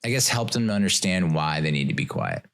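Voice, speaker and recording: Deep gravelly-voiced man hosting a podcast. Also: expressive, brisk, fairly bright tone. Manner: rambling, self-mocking, with sarcastic mock-formal voices. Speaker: podcast host. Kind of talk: casual solo podcast monologue.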